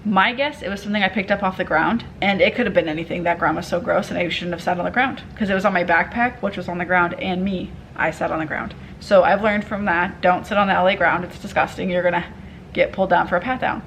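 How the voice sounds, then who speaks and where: A woman's voice: fairly low pitch, quick pace, slight background noise, rough recording. Candid woman telling a storytime. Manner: candid, animated retelling with profanity and quoted dialogue. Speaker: vlogger. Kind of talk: casual storytime vlog.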